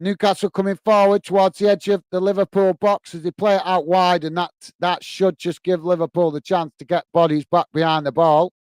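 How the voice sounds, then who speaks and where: A British man with a fairly high, smooth, clear voice runs live fan commentary on a football match. He talks straight to his viewers, calls everyone "mate", and speaks bluntly. The sound is dry and close, with no room around it. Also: level tone, a little fast, hardly any pauses, darkish tone, no room sound. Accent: British English. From England. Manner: calls "mate" often, blunt and chatty, gets openly irritated.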